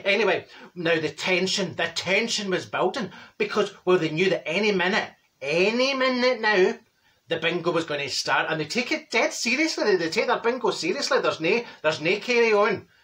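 At normal speed, a man's high, sharp voice rises and falls with lively intonation. Performing a comedy character, he becomes a straight-talking, chatty Glasgow woman with a Glaswegian Scottish accent, delivering a comic story in a bossy, gossipy monologue and acting out others' voices.

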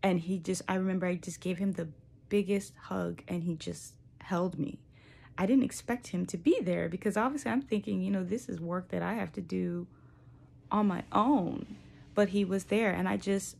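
A woman's voice: on the low side, fairly even intonation, normal speed, vocal fry, a little mellow. A young woman telling a personal spiritual story in a casual, reflective way, full of likes and you knows. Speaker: vlogger sharing a spiritual journey.

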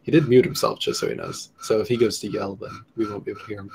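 A man's voice: on the low side, big pitch swings, racing, gravelly, darkish tone, slight background noise. Crude, teasing man hosting a chat. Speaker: host. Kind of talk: casual chat.

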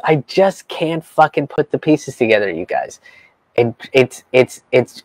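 A man's voice: mid-range voice, no echo, rough recording. A man giving a profane, incredulous rant while reading from an article. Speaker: comedian vlogger.

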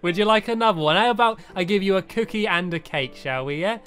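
A man hosts a game video in a high, bright voice. He is playful and giggly, and his pitch swoops widely from line to line. Faint game music plays underneath. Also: lively intonation, fast, smooth. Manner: giggly and playful, keeps breaking into laughter. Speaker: host. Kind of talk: Let's Play commentary.

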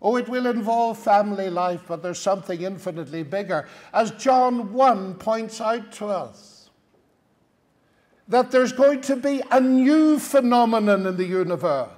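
A man's voice: sits high, measured pace, a little mellow. A man with an Irish accent giving a Bible teaching talk, engaging his listeners with rhetorical tag questions. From Ireland.

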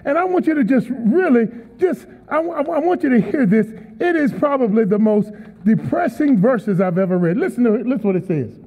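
Man, guest preacher, high and lively voice, emphatic sermon, tinny sound, long hall reverb. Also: brisk, slightly rough. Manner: emphatic preaching with call-and-response. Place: large church auditorium.

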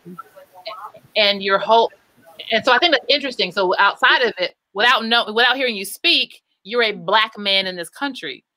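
A woman's voice: medium pitch, moderate pace, pushed and bright, dry recording, poor audio. A woman moderating a live panel discussion, asking long, winding, multi-part questions and often restarting her sentences.

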